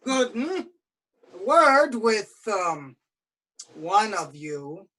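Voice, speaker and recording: A woman playing a slow, taunting Tybalt. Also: mid-range voice, very animated, a bit bright, full character voice. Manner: drawn-out, taunting. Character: swaggering, hot-tempered young male Tybalt.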